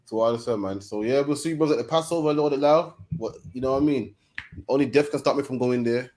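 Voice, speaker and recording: A man's voice: mid-range voice, a little mellow. A man from England, bantering in a casual chat. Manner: quick, bantering.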